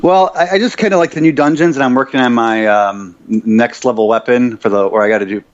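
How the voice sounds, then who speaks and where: A man calling in to a podcast, chatting easily about what he likes. His mid-pitched voice comes through a dull, lo-fi call line. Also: fast talker. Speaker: caller. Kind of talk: casual chat.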